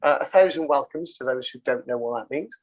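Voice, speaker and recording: A man's voice: medium pitch, fairly quick. A man hosting a casual rugby podcast, swearing freely and bantering with many fillers. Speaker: podcast host. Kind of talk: casual chat. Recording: dull lo-fi sound.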